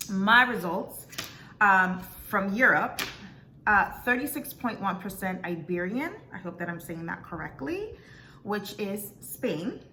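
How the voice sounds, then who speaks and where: A young woman from South Florida vlogging casually as she reads out her results, with many ums and pauses to check how words are said. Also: mid-range voice, bright, forceful tone, slight background noise. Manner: chatty, many ums, unsure of pronunciations. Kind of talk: casual vlog, reading results aloud.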